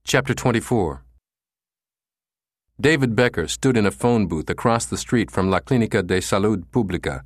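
Male audiobook narrator, low pitch, dry close recording, measured reading. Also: expressive, no room sound. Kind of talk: scripted narration.

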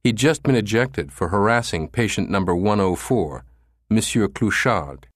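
Male audiobook narrator, low pitch, dry close recording, measured reading. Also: lively intonation, no room sound. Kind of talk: scripted narration.

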